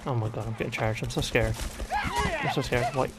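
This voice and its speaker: A man's voice: medium pitch, steady tone, brisk, loud music behind the voice. Young man rambling over gameplay. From Ireland. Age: 20s. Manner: rambling, exclaiming, talks to himself. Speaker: gaming vlogger. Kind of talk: casual gameplay commentary.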